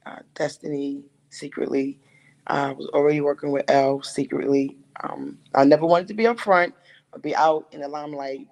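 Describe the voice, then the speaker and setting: A woman who is a music manager, a guest on a talk show, telling her story in a lively way. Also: low voice, rough recording. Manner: animated storytelling, quoting others.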